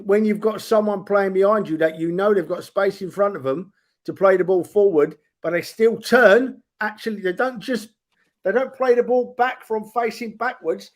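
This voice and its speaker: High-voiced man arguing a point. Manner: argumentative, plays devil's advocate, halting restarts. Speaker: podcast co-host. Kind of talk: casual football podcast chat.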